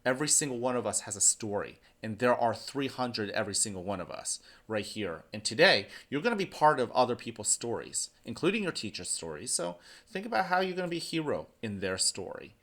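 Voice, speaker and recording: A man's voice: mid-range voice, sing-song, a little fast, few pauses, a bit bright. A man who is a school principal, giving morning announcements and speaking encouragingly to students.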